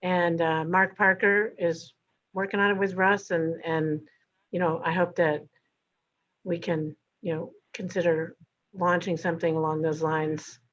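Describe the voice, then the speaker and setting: A woman's voice: lowish voice, little pitch movement, a little slow, fairly bright tone. Woman on a dull lo-fi line. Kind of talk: budget hearing remarks.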